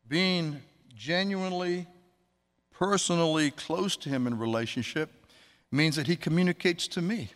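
A man preaching a sermon, earnest, slowing down to stress words and quoting scripture. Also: a little high, a bit bright. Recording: long hall reverb.

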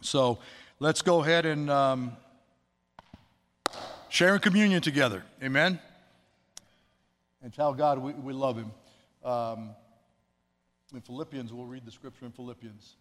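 A man's voice: medium pitch, unhurried, long pauses, fairly bright tone. A man preaching a sermon as pastor, in a conversational, chatty manner with asides to the congregation. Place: church sanctuary. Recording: long hall reverb.

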